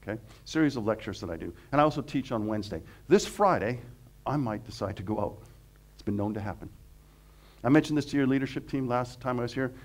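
A middle-aged man from Canada, a professor giving a humorous, animated seminar talk that mixes jokes into the teaching. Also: medium pitch, quick pace. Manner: animated, joking, acts out quotes. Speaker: guest speaker, professor.

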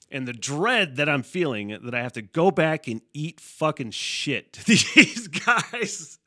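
A man's voice: medium pitch, fairly bright tone. A man hosting a casual solo podcast, rambling and swearing freely, often laughing mid-sentence. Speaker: podcast host.

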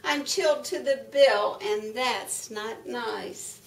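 A woman's voice: fairly high pitch, slow pace, vocal fry. A woman doing a chirpy farmyard duck. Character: chilly, clever farmyard duck with a plan. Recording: echoey room, mic far off.

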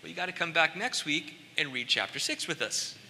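A man preaching a sermon as pastor, conversational, drawing out key words slowly and building to emphatic peaks. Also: on the high side, animated, vocal fry, pushed and bright, slight background noise. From United States. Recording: church hall with long reverb.

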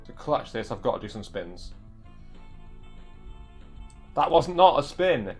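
A man's voice: a little high, big pitch swings, slow pace, long pauses, slightly rough, soft background music. A young man giving live gameplay commentary, exasperated and talking back at the game. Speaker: gaming video creator.

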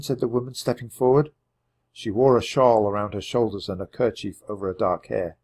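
A man reading a children's chapter book aloud with expressive, dramatic storytelling. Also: fairly low pitch, fairly quick. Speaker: audiobook reader. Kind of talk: children's audiobook narration.

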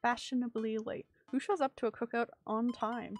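A woman's voice: on the high side, steady tone, normal speed, soft background music, close to an everyday voice. A woman voicing a sarcastic teenage daughter who teases her dad, in a game read-aloud. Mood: teasing. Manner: teasing, sarcastic.

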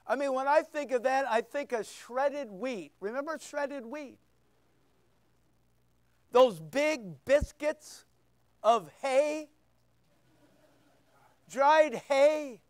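A man preaching a sermon as pastor, emphatic with sudden loud bursts and quiet asides. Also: extremely high pitch, extremely slow, long pauses, no echo.

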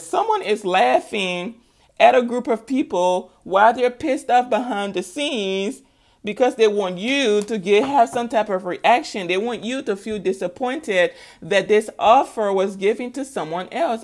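A woman's voice: a little high, expressive, a little slow, a little mellow. A woman giving a spiritual tarot reading in a chatty, playful way, laughing often and talking straight to her viewers. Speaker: tarot reader.

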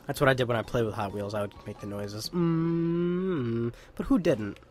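A man's voice: on the low side, expressive, fast, slight background noise. A young man giving casual, joking gameplay commentary as a let's play host, laughing and swearing.

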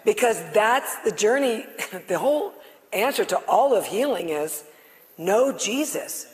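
A middle-aged woman on stage, giving a loud, passionate, excitable testimony to a live audience. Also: mid-range voice, a little slow. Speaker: guest speaker sharing her healing testimony. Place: on stage before a live audience in a large hall. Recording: long reverb of a large hall.

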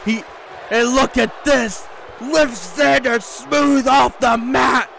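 A man giving excitable play-by-play commentary over his own video game wrestling show, shouting, pleading and gasping at the action. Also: very high-pitched, takes it slowly, vocal fry. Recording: loud game crowd noise behind. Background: video game arena crowd.

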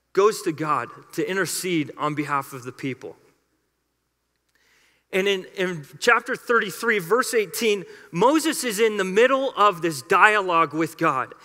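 A man's voice: high-pitched, bright, forceful tone. A man preaching a sermon as a pastor in a church, telling the story in an emphatic, conversational way. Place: church sanctuary. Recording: reverberant church hall.

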